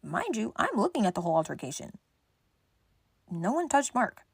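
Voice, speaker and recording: A young woman telling a wild party story in casual storytime style, animated, swearing freely and acting out what people said. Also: medium pitch, normal speed, creaky, breathy edge, dry recording, clean studio sound.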